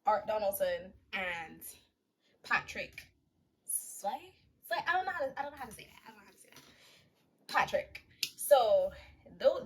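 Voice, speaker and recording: Young woman vlogger, casual slangy movie recap, joking asides, mid-pitched voice. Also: a little hiss or hum.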